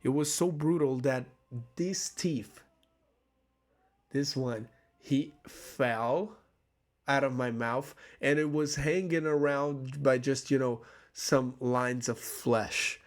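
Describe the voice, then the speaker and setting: A man's voice: medium pitch, slow pace. A man telling a story to camera in a casual, rambling way, swearing often, laughing at himself and restarting his sentences. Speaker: vlogger.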